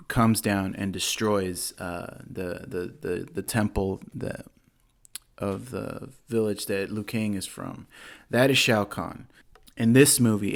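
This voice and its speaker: A man's voice: lowish voice, vocal fry. A man hosting a podcast, chatting casually about a movie in a rambling way with lots of fillers. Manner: rambling, many fillers and chuckles. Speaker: podcast host. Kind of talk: casual movie-review chat.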